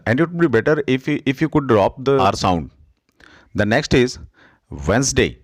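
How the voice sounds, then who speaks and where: Lively-pitched Indian English teacher. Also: male voice. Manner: slow, instructive, repeats words for drill. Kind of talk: pronunciation lesson.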